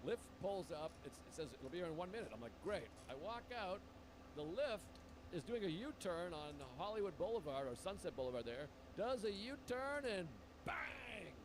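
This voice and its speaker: Comedian type, high-voiced man, animated and profane, acts out every character, noisy room. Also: a little fast. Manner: animated, acts out people's lines, swears freely. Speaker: comedian telling a story. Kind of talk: casual storytelling chat.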